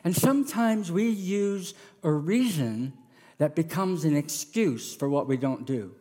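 Male pastor, middle-aged, animated sermon, acts out characters, fairly high voice, long church-hall reverb. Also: normal speed.

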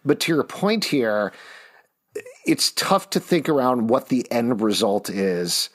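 A man co-hosting a podcast, giving an animated, opinionated recap of a TV episode with sarcastic asides. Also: medium pitch, slow pace. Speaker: podcast co-host. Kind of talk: casual TV recap chat.

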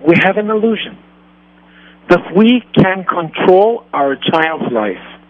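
A man's voice: high-pitched, sing-song, takes it slowly. A man who speaks natively, talking earnestly about parenting on a radio show, repeating and rephrasing his points. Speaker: rabbi and radio host. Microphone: radio studio mic. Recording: dull lo-fi radio recording.

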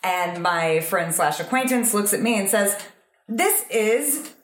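A woman's voice: fairly low pitch, moderate pace, a bit bright. A woman guest on a comedy podcast, telling a rambling anecdote with laughs. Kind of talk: comedic storytelling. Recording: roomy echoey recording.

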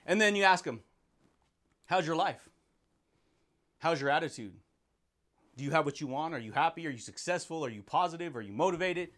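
A man hosting a motivational podcast, talking in an energetic, slangy way and putting on quick voices for the people he quotes. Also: fairly high pitch. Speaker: podcast host.

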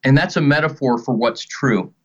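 A man's voice: medium pitch, normal speed, highs cut off. A middle-aged man in ministry, earnestly teaching and telling stories in a conversational way. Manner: earnest, storytelling, animated quotes. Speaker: ministry leader.

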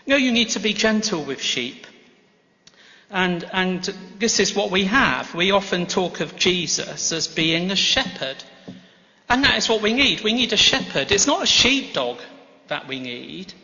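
A man preaches a sermon in a large church, with a bright, fairly high voice that rings out into a long hall reverb. He tells his stories gently, with self-deprecating humor, and the recording sounds a little dull and muffled. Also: animated, a little slow. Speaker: guest preacher.

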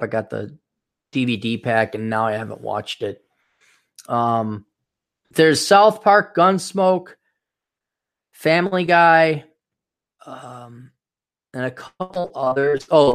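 A man in his forties hosting a casual solo podcast, rambling and profane, now and then mocking others in shrill put-on voices. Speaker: podcast host.

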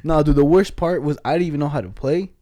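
A young man telling a party story to a friend at a rapid clip, full of slang and swearing. His voice sits a little high with a mellow, dark tone, and the recording is dry and close. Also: dry recording. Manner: animated storytelling, acting out quotes in a higher voice. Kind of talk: casual chat.

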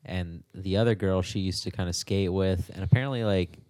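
A man's voice: low voice, fairly even intonation, brisk, dark tone. A young man in casual podcast chat, laid-back and rambling, saying "dude" and "like" a lot.

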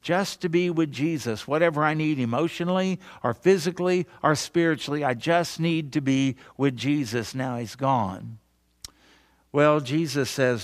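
A man preaching a sermon, earnest, rising on key phrases and dropping to a soft hush near the end. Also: mid-range voice, normal speed.

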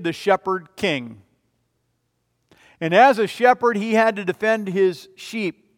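Man preaching, high voice, emphatic, loud then soft, long hall reverb. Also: clear, resonant tone. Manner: emphatic, rising and falling in volume. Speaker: pastor. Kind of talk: sermon.

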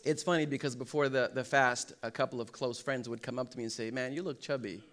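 A man's voice: medium pitch, fast. A young man preaching a sermon in church, telling funny stories with lots of energy and acting out the quotes. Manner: animated storytelling, acts out quotes and jokes. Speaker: pastor. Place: church hall.

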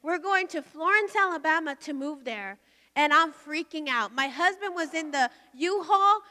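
A woman's voice: high-pitched, animated, normal speed, pushed and bright. A middle-aged woman pastor telling a testimony in a sermon, emotional and storytelling with rising intensity. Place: large hall at a conference. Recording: long hall reverb.

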